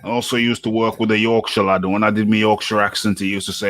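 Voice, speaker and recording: A British man hosting a casual boxing chat, animated and laughing often, repeating his words as he goes. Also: fairly low pitch, fast talker, hardly any pauses, no echo. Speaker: host.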